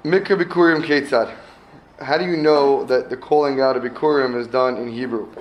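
Speaking at a moderate pace with a medium-pitched voice, a man reads a text aloud to a class, translating each phrase, checking in with students, asking them questions, and repeating himself. The audio is dull, with slight background noise.

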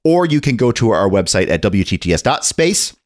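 A man co-hosting a casual podcast, his voice swinging up and down with lively intonation. He talks in a playful, joking way, rambling on as he promotes the show. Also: fairly low pitch, a little fast. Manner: playful, jokey, rambling plugs. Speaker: podcast co-host.

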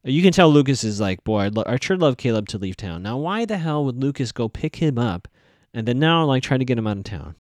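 A man giving a casual, chatty recap of a TV episode, acting out the characters' lines in quick asides. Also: mid-range voice, no room sound. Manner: chatty, animated, with quoted asides.

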